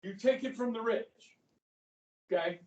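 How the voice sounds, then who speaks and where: With an extremely high pitch and a measured pace, this male history teacher's voice is a little mellow as he casually lectures, frequently saying "okay" to his students. The highs are cut off, and a far mic catches the echoey classroom.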